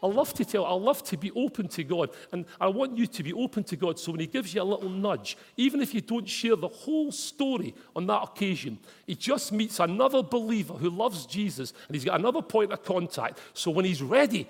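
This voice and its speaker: A man's voice: high-pitched, animated, a little fast, few pauses, husky. A Scottish man preaching a chatty storytelling sermon, dropping in local words like wee and mate. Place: church hall with congregation. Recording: long reverb of a church hall.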